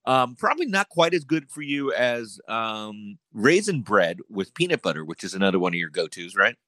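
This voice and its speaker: Bright, lively male co-host. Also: on the low side, moderate pace, no echo, clean studio sound. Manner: playful, laughing. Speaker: podcast co-host. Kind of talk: casual chat.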